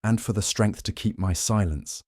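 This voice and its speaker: A man voices a stern, stiff older housekeeper who is female and speaks tersely, pitching above his own voice though staying close to an everyday sound. His delivery is fairly low, a little mellow and at a moderate pace, recorded clean in a studio with no echo.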